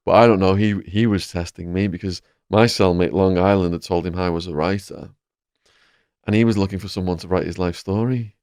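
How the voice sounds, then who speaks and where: An English man hosting a podcast who tells his stories in a vivid, animated way. His voice sits a bit low, and the recording is dry and close with no room sound. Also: fairly quick, clean tone, dry recording. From England. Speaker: podcast host. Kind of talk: storytelling in a conversation.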